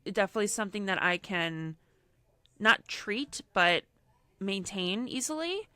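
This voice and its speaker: A young woman with a bright, forceful voice tells a story in casual podcast chat, slipping into quoted voices as she goes. Her sound is dry and close, with no room around it. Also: medium pitch, a little slow, smooth, dry recording. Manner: animated storyteller acting out quotes, frequent "like". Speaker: podcast co-host.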